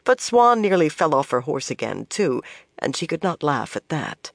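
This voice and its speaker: A narrator giving a measured, expressive reading of a novel. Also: mid-range voice, creaky, no room sound, studio quality. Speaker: audiobook narrator. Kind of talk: scripted narration.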